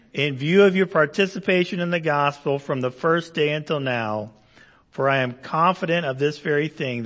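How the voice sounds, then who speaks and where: A man's voice: a little high, a bit bright, long reverb tail. A man preaching a Bible-teaching sermon, explaining verses conversationally with asides and rhetorical questions. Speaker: pastor.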